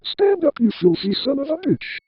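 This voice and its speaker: A synthetic text-to-speech man's voice pitched up to play a gruff, cruel old woman who yells harsh commands. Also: sing-song, moderate pace, dry recording, highs cut off. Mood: yelling.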